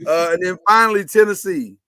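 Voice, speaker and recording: A man's voice: high-pitched, a little fast, sharp tone, smooth, no echo. A man hosting a casual sports talk show, chatty and opinionated as he runs the segments.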